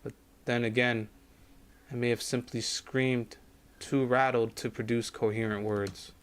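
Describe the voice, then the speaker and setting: A man streaming a game, reading its story text aloud in a measured, grave way that sometimes drops to a hush. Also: medium pitch, little pitch movement, clean tone. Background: faint game music.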